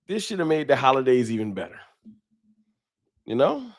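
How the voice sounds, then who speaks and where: A man's voice: medium pitch, big pitch swings, normal speed. Casual man hosting a live stream. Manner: greets viewers by name with slang. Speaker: livestream host. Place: home room with a wall sign. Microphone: desk microphone.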